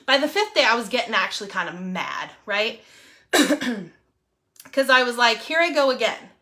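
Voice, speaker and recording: A woman, telling a personal story to viewers in a chatty, animated way and often asking "right?". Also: fairly high pitch, a little slow. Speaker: real estate agent.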